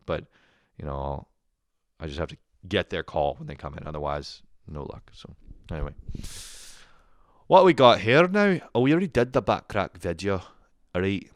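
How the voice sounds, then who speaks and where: A man's voice: sits low, very animated, moderate pace, long pauses, no room sound. A young man ranting casually and sarcastically as a comedy host, rambling and swearing often.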